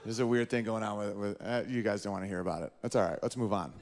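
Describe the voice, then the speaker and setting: A man's voice: fairly low pitch, fast. A man from northern New York performing a stand-up comedy set on a club stage, telling stories and acting out the voices of the people in them. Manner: animated storytelling, acting out voices in quotes.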